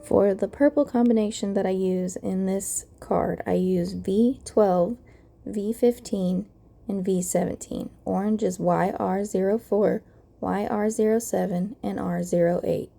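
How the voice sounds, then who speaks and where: A woman's voice: mid-range voice, a little slow, gravelly. Woman with a crackly morning voice. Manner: calm, explanatory, methodical. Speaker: card-making crafter. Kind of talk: craft tutorial voice-over.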